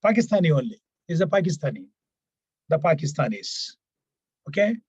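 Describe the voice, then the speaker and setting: Man, teacher, fairly high voice, dry muffled sound. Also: big pitch swings, darkish tone, husky, no room sound. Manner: repetitive, fills pauses with "what we call it as" and "right, right". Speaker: English teacher. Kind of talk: online class lesson.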